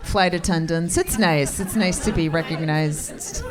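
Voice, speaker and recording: A woman's voice: lowish voice, unhurried, crowd noise. Middle-aged woman doing dry stand-up. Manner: dry, profane, teasing the audience. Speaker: stand-up comedian. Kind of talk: stand-up set with crowd work. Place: comedy club stage. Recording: live club set with audience laughter. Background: audience laughing.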